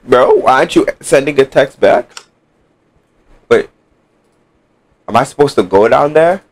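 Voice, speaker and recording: A man giving excitable let's play commentary on a horror game, talking back to the game and swinging between boasting and panic. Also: medium pitch, normal speed, long pauses. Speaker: gaming YouTuber.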